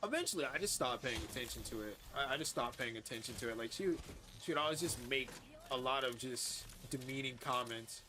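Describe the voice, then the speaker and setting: A young man rambles through a frank, profanity-laced story while streaming a game. His voice sits at an ordinary pitch but comes across bright and forceful, full of fillers and restarts. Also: animated, a little fast, slight background noise. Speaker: gaming streamer. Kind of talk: casual chat while livestreaming.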